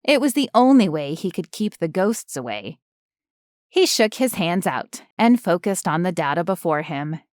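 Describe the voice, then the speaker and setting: A woman reading an audiobook in measured, even scripted narration on a close studio mic. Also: fairly low pitch, no echo.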